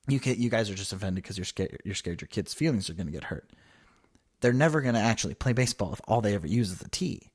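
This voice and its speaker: A husky, lowish male voice at a quick pace belongs to a podcast co-host in his thirties. During casual talk he tells an animated story, imitating the voices of the people he quotes.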